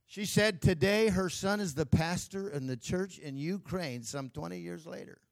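A man's voice: high-pitched, normal speed, gravelly. A man pastor giving a sermon, telling a story with emphatic preaching.

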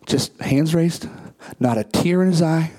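A man, preaching and telling a story, acting out quoted dialogue in a lower voice and rising to high, emphatic peaks. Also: measured pace, dark tone. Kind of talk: sermon storytelling.

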